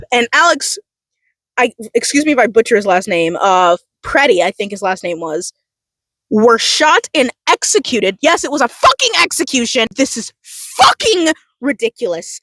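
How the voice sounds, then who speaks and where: A woman's voice: on the high side, fairly bright tone, no echo. A young woman from the United States vlogging a heated, profane political rant at her school, fighting back tears. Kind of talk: emotional political rant to camera.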